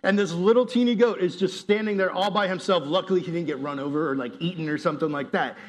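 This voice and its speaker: A young man from the United States preaches to young people in a relaxed, storytelling way, with a voice pitched high for a man. He jokes, drops slang and lets the tale run loose. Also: fast talker. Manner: casual and joking, uses slang. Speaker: youth pastor. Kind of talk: casual youth sermon with storytelling.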